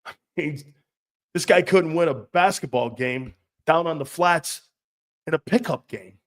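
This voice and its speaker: A man's voice: on the high side, measured pace. A man hosting a sports talk show, ranting in a blunt, profane, mocking way and laughing often. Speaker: host.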